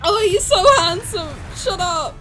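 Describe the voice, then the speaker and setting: A young woman streaming a reaction to a game trailer, excitable and gushing, swearing and laughing as she talks. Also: very high-pitched, a little slow, soft background music. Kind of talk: casual live reaction chat.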